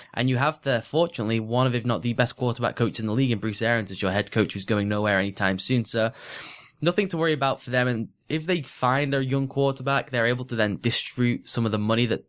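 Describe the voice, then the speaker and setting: A man's voice: mid-range voice, fairly bright tone. A man co-hosting a sports podcast, breaking down games in fluent, analytical casual chat with frequent restarts. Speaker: podcast co-host.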